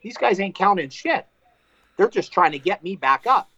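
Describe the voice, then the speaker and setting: A man, a fighter, telling a fight story in casual chat, animated and profane, acting out what people said. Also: high voice, normal speed, dry recording, dull audio. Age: adult with wife and two kids. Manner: animated, profane, acts out quotes.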